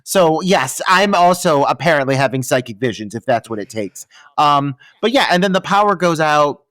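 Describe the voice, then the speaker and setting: Sarcastic, profane man with a lively voice. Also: a little high, moderate pace, dry recording. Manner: sarcastic, profane, exaggerated retellings. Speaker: podcast co-host. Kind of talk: casual movie-review chat.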